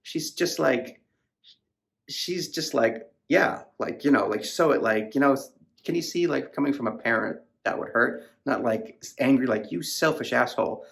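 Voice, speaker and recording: Gravelly man rambling about a book. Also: mid-range voice, unhurried, a bit bright. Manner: rambling, profane, heavy with fillers. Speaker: podcast host reviewing a novel. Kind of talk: casual book discussion.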